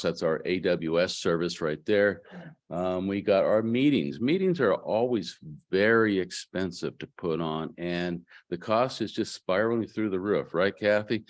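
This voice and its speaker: A man presenting financial statements at a meeting in a folksy, joking way, with asides to the audience. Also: lowish voice.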